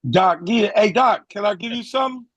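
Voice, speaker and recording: A man on a radio talk show, presenting survey figures briskly and sometimes stumbling over his words. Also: sits high, a bit bright, dry recording.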